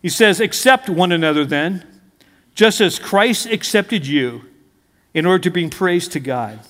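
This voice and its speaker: A man's voice: sits high, expressive, a little slow, fairly bright tone. A middle-aged male pastor giving a conversational sermon, full of stories and asides to the congregation. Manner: conversational, anecdotal preaching with asides. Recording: hall reverb.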